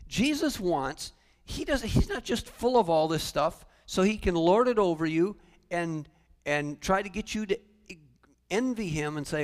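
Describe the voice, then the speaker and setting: A male pastor preaching a sermon in a church sanctuary, animated, with humorous asides. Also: high-pitched, measured pace. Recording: long church reverb.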